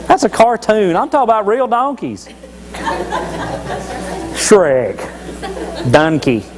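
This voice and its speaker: A man's voice: very high-pitched, animated, fairly quick, a crowd in the background, low-quality recording. A man giving a folksy, joking devotional talk at church, telling Bible stories with many restarts. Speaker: lay church speaker.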